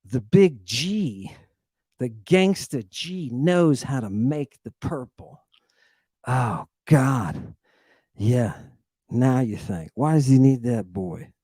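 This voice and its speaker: A man giving an animated livestream lecture on ancient texts, theatrical and slangy, repeating his exclamations for emphasis. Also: medium pitch, slow, breathy edge, no room sound.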